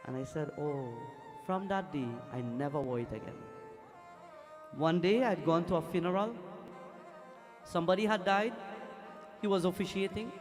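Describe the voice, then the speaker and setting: High-voiced pundit preaching. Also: male voice, normal speed, long pauses, music in the background. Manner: storytelling, acts out quoted voices, breaks into devotional song. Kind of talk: Hindu temple sermon. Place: temple hall during a festival night.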